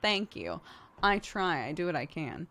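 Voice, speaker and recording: Chatty streamer lady with a really low voice, laughs a lot, swears casually. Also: sing-song, a little slow, pushed and bright. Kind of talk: casual chat answering viewer questions.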